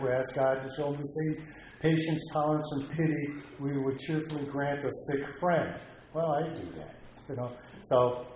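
A man's voice: on the high side, slight background noise. A middle-aged man giving a heartfelt, rambling personal share at a recovery meeting, often repeating himself. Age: middle-aged or older. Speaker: speaker sharing at a recovery meeting. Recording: echoey meeting room with faint ambience.

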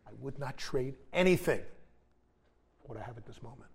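A man's voice: medium pitch, lively intonation, fairly quick, a little mellow. A middle-aged man giving a candid personal testimony at a recovery meeting, wry and blunt, with the odd swear word. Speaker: speaker sharing at a recovery meeting.

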